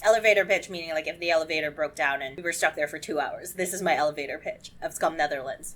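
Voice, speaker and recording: A woman reviewing shows in a casual vlog, gushing and excitable, and swearing freely as she talks. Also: mid-range voice. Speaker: show reviewer.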